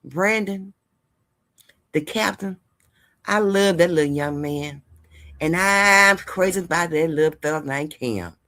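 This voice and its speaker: Woman host, low voice, casual chatty vlog monologue, preachy and heartfelt. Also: a little slow, long pauses, fairly bright tone. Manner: chatty, rambling, addresses viewers as y'all; heartfelt and preachy, giving life advice. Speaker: host of a gossip and news channel.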